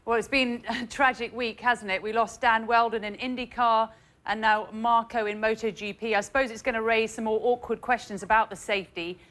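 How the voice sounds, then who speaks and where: A woman conducting a news interview, her voice a little high. She puts her questions to the guest conversationally. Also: fairly even intonation, fairly quick, fairly bright tone.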